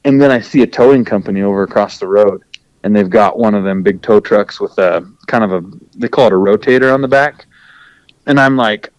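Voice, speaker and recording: Animated storytelling trucker man. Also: lowish voice, a little fast, no room sound, highs cut off. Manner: animated, acts out his own quoted thoughts with laughs. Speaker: podcast host and truck driver. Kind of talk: casual storytelling.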